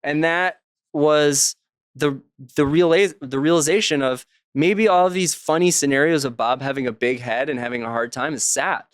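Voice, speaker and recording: A man's voice: fairly high pitch, moderate pace, smooth, no room sound, clean studio sound. A man, an author, talking casually as a guest in an interview and telling anecdotes, slipping into the voices of the people he quotes.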